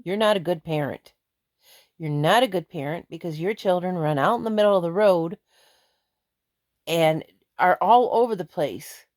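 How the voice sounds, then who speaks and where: A woman's voice: fairly low pitch, normal speed, pauses often, darkish tone, no room sound, clean studio sound. A middle-aged woman venting angrily in a vlog, blunt and emphatic. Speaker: vlogger. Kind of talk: angry ranting vlog.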